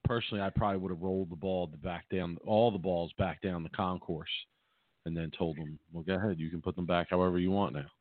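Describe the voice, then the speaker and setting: A man's voice: low-pitched, fairly even intonation, quick pace, dry recording. A man co-hosting a podcast in laid-back casual chat. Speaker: podcast co-host. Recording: tinny phone-like line, dry.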